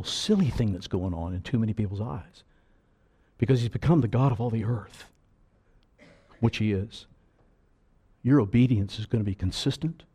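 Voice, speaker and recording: A man preaching a sermon with fervor, swelling loud on key phrases and dropping low again. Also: breathy edge.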